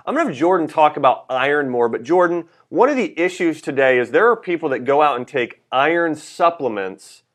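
A man hosting a live health show, explaining practical tips in a clear, step-by-step way. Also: a little high, lively intonation, a little fast, hardly any pauses. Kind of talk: casual health chat on a livestream.

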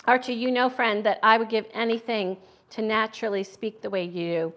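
A woman's voice: on the high side, steady tone, a little fast, fairly bright tone. A middle-aged American woman hosting a casual cooking livestream from her home kitchen, chatting with viewers as she chops. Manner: chatty, answers viewer comments while cooking. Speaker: cooking channel host.

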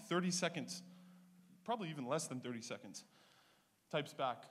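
High bright stand-up comic. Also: male voice, brisk. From Canada (Ontario). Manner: punchy, animated storytelling. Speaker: stand-up comedian. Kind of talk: stand-up comedy set.

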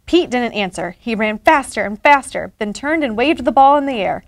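A woman reading a children's picture book aloud, expressive and animated. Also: a little high, normal speed, creaky, dry recording. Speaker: story reader.

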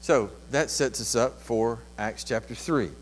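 Male pastor, mid-pitched, preaching with surging intensity, faint electrical hum behind. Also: unhurried, poor audio. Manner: impassioned preaching with swells of volume and pitch. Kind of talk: sermon.

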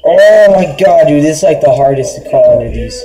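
Excitable young gamer, lively and swearing. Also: male voice, on the high side, brisk, a loud crowd. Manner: crude, excitable, swearing, outbursts. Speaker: gaming channel host. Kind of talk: casual gameplay commentary.

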